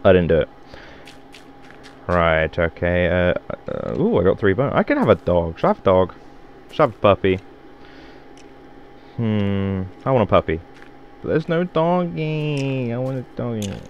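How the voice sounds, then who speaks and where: Gamer guy, low voice, loose swearing commentary, faint hiss under a home mic. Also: lively intonation, normal speed, long pauses, muffled recording. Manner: rambling, swearing, self-mocking. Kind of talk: let's play commentary.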